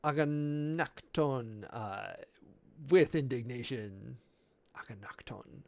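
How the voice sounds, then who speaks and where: A man preparing a sermon in a loose, halting way, working through Greek words with many fillers and self-corrections, amused by the details. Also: mid-range voice, animated, creaky, darkish tone. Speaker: preacher.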